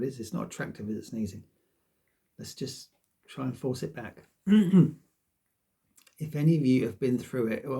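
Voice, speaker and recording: A man's voice: medium pitch, creaky, warm tone. A man rambling casually to his viewers, self-deprecating and swearing freely. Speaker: vlogger. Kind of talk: casual rambling monologue to camera.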